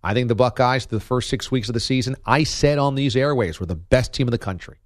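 A man's voice: medium pitch, a little fast, no room sound, studio quality. A man giving opinionated sports commentary as a radio host, emphatic and argumentative, hammering points with punchy repetition.

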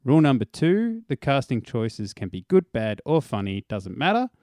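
A man's voice: mid-range voice, very animated, moderate pace, a little mellow, no room sound, studio quality. A man hosting a podcast, reading out the show rules in a casual, chatty way and laughing often. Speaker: podcast host. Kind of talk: casual chat.

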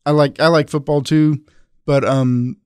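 A man's voice: on the high side, fairly even intonation, a little slow, a little mellow, clean tone, no room sound, studio quality. A man, a reporter and podcast host, talking as a guest in casual chat, with many restarts and fillers.

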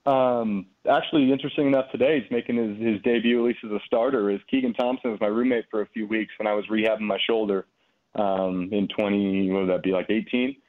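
A man in his twenties, a former pitcher, telling stories in a relaxed way with plenty of fillers. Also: fast talker. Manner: relaxed storytelling, frequent fillers. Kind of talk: casual phone interview. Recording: tinny phone line.

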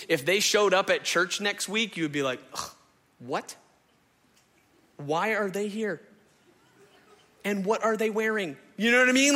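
A man preaching a sermon as pastor in a conversational, animated way, acting out little asides to the congregation. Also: sits high, long reverb tail.

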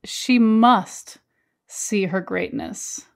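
A woman's voice: medium pitch, very slow, vocal fry. A woman hosting an interview, making reflective, thoughtful remarks. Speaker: host. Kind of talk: interview conversation.

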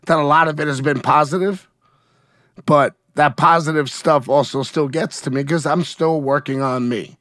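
A man's voice: a little high, fairly bright tone, no echo, clean studio sound. A man as an interview guest, talking frankly and emotionally about his feelings, often asking "you know what I mean?". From United States. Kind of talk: candid conversational interview.

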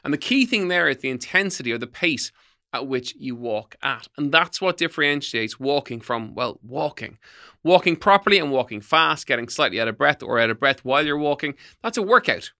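A man's voice: mid-range voice, animated, a little fast, pushed and bright. A middle-aged man hosting a fitness podcast, giving tips in an emphatic coaching tone. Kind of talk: solo podcast talk, tips.

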